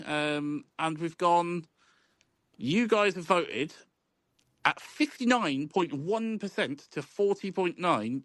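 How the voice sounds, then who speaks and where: A man's voice: fairly high pitch, a bit bright, no echo. A man hosting a football podcast, laid-back and chuckling, with lots of ums. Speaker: podcast host. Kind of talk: casual chat.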